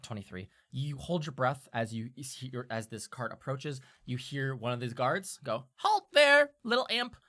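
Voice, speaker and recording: A woman's voice: very deep voice, normal speed, hardly any pauses. A woman narrating as game master of a tabletop game, rambling with lots of fillers.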